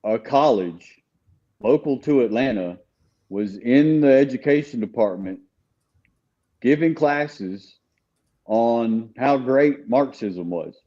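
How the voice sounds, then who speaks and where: A man tells a story in a relaxed podcast chat, with a warm, mellow tone. He restarts his sentences a lot and fills pauses with "you know." The recording sounds muffled and lo-fi. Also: medium pitch. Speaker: podcast guest.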